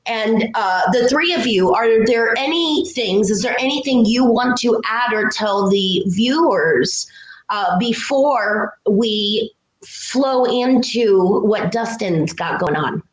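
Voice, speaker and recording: A woman's voice: on the high side, animated, slow pace. A woman hosting a live telethon, enthusiastically interviewing guests. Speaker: telethon host. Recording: echoey room with faint noise.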